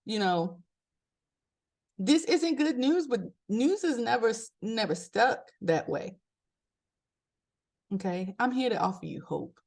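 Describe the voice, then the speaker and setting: Animated woman podcast host. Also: slow pace, vocal fry, pauses often. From Maryland, USA. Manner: animated, laughs often, pitch jumps up for emphasis. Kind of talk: casual motivational talk.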